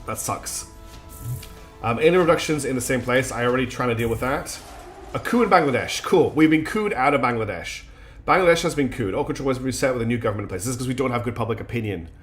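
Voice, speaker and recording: A man with a mixed British accent, with traces of Scottish and Australian in it, streams and comments on a strategy game. He thinks aloud in a chatty way and fills pauses with "um". Faint game music plays underneath. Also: medium pitch, lively intonation. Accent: mixed British English with Scottish and Australian traces. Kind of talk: live gameplay commentary.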